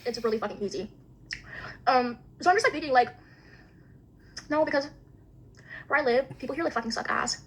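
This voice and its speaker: A woman's voice: high-pitched, brisk, long pauses, slightly rough. A young woman ranting bluntly in casual chat, swearing constantly.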